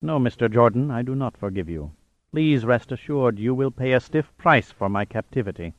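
A man voicing a cold, proud older captive tycoon who speaks quietly and with authority. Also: medium pitch, animated, normal speed, no room sound, highs cut off, lightly acted. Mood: menacing.

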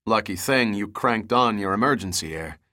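A man's voice: fairly low pitch, expressive, moderate pace, pushed and bright, voice pushed down. A man voicing a determined, resourceful young man who speaks in a solemn, clipped way, in an audiobook reading.

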